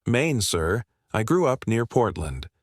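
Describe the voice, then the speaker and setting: A polite, seasoned male waiter who keeps a calm, courteous tone, read by a man. The voice is low and dry. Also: a little slow, no room sound.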